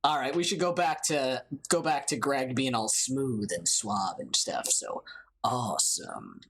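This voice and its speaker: Slow, lively streamer with a strained voice. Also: mid-range voice, gravelly, breathy edge, poor audio. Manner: animated, laughing, self-mocking. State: strained voice from yelling. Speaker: let's play streamer. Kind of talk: game commentary, reading dialogue aloud.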